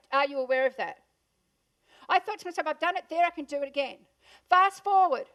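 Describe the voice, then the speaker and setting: A high-pitched Australian woman speaks to a live audience in an event room. Her delivery is punchy, and she keeps asking the crowd questions. She sounds like a motivational speaker on stage. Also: fairly bright tone. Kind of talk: motivational keynote talk.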